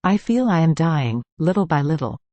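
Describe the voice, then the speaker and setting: A reader of devotional writings, speaking in a calm, even, measured way as a steady scripted reading. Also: medium pitch, dry recording.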